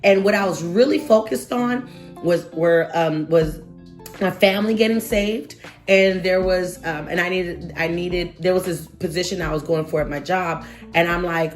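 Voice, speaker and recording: A woman in her thirties, telling a personal story to camera in a lively, expressive way and acting out what people said. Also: fairly low pitch, normal speed, faint music behind. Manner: animated, expressive, acts out quotes with exaggerated reactions.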